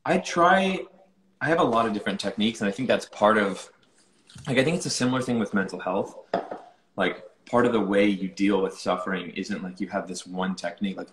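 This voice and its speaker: A young man with a lowish voice talks loosely through his thoughts in a casual interview. He keeps restarting sentences and leaning on filler words. The room around him has a noticeable echo. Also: brisk, a bit bright. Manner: rambling, many "like" fillers and restarts. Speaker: musician being interviewed.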